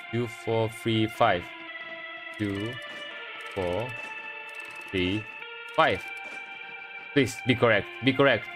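Swearing and jumpy, a streamer narrates his horror game playthrough and reads out text from the screen. His voice is lowish, and the recording is low quality.

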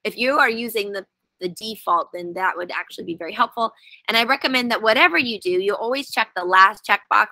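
A woman's voice: mid-range voice, pushed and bright, no echo, rough recording. A woman running a casual webinar, explaining step by step in a chatty, wry way while sitting outdoors.

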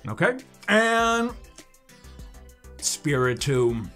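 A man's voice: a little high, sing-song, slow, pauses often, sharp tone, faint music behind. A man casually chatting while opening trading card packs in his home studio, playful and joking. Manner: playful, swoops into silly voices and mock wails. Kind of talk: excited pack-opening chatter.

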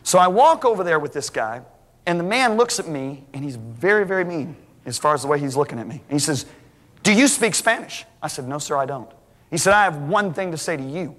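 A middle-aged man preaching a sermon as a lively story, acting out the dialogue. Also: a little high, a little fast. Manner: animated, acts out dialogue, restarts. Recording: hall reverb.

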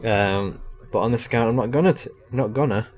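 A man's voice: mid-range voice, quick pace, darkish tone. A young man giving casual, rambling live commentary over a shooter game, chatty and self-deprecating. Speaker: gaming commentator.

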